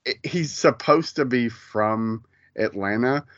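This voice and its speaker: A man's voice: medium pitch, slow, dry recording, muffled recording. A man co-hosting a casual pop culture podcast, rambling with lots of fillers and restarts. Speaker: podcast co-host.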